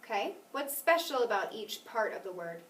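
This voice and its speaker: Lively patient woman teacher, echoey room. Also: medium pitch, moderate pace, distant mic. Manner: patient, clear, encouraging, stresses syllables carefully. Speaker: phonics teacher. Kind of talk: one-on-one phonics lesson.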